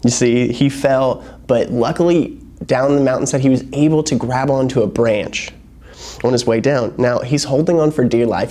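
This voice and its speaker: A young man preaching to a youth group in a casual, storytelling way, acting out the people in his stories. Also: mid-range voice. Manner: casual, animated storytelling with acted-out quotes. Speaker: youth pastor. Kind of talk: sermon.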